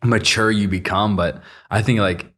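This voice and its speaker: A young man hosting a podcast, upbeat and quick to laugh. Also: fairly low pitch, fairly even intonation, fairly bright tone. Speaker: podcast host. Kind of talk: casual podcast chat.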